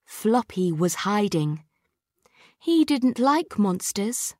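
A woman's voice: medium pitch, no echo, clean studio sound. A woman English teacher, Chinese her first language, reading a picture book aloud to children. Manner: slow, expressive reading. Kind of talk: storybook read-aloud for children.

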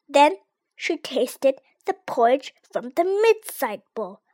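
A child reading a storybook aloud in a slow, careful way. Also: high-pitched. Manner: slow, careful read-aloud with lively ups and downs. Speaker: reader.

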